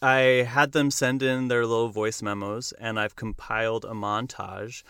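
Smooth-voiced male podcast host. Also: lowish voice, flat delivery, a little slow, fairly bright tone, no echo, clean studio sound. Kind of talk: casual chat.

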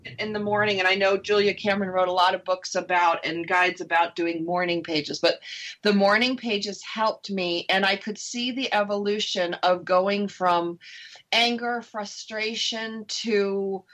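A woman's voice: medium pitch, steady tone, a little slow, fairly bright tone. Chatty woman host, candid and open. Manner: chatty, candid, laughs easily. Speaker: radio show host sharing her divorce story. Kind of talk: casual radio conversation.

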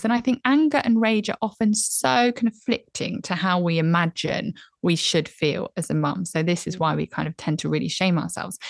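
A woman in her thirties speaks with an earnest, reflective manner as a podcast guest. Her voice sits on the low side for a woman. The recording is close and dry, with no room sound. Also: no echo. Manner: earnest, reflective, animated when recounting. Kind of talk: candid conversational advice.

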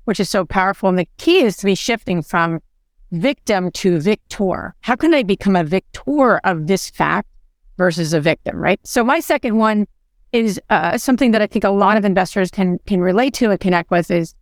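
A woman's voice: medium pitch, animated, moderate pace, dry recording, studio quality. A woman co-hosting a podcast, speaking in an earnest, encouraging way. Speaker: podcast co-host. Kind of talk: motivational podcast talk.

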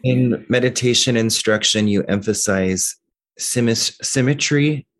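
A man's voice: mid-range voice, a little slow. A man asking his meditation teacher a careful, slightly hesitant question.

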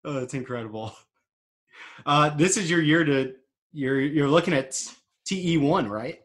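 A man's voice: a little high, unhurried, a bit bright. A man hosting a casual podcast chat, reacting and laughing along with his guest. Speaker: host.

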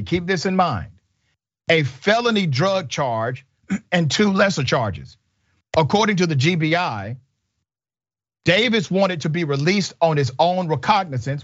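A man's voice: fairly high pitch, fairly bright tone, no echo. A man hosting a commentary show, talking in an emphatic, indignant way and leaning on rhetorical questions. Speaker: show host. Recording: dull dry sound.

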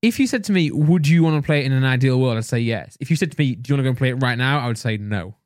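A man co-hosting a podcast, telling stories in a loose, rambling way and laughing often. He sits at a middle pitch and now and then slips into silly voices. He is recorded close and dry, with no room echo. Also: lively intonation, very fast, darkish tone. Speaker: podcast co-host. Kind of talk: casual chat.

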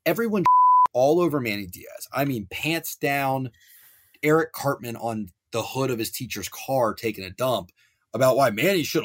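Animated ranting man talking college football. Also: medium pitch. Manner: animated, hyperbolic, rapid rants. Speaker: sports podcast co-host. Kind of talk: casual sports betting chat.

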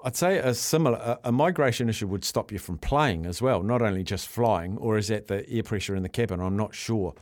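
In a lowish, slightly mellow voice, a radio host with a New Zealand accent talks fairly quickly with hardly any pauses. He's hosting casual sports talkback in a studio, laid-back and jokey over listener entries, and the sound is clean with no room sound.

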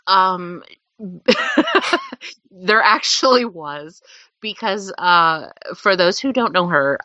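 A woman's voice: fairly low pitch, bright, forceful tone, no echo. A woman telling a long anecdote as a guest, rambling with fillers and laughing often. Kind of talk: casual storytelling. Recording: dull lo-fi recording.

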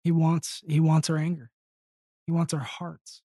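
A man telling a personal story in casual conversation, earnest and halting with frequent restarts. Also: on the high side, flat delivery, warm tone, dry recording. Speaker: podcast guest.

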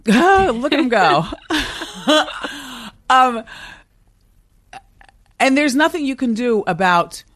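A woman's voice: fairly low pitch, no echo, studio quality. A middle-aged woman talking as a guest in a podcast interview, with a strong, confident voice and frequent laughter. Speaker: talk show host as guest. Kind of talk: casual interview chat. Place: podcast studio.

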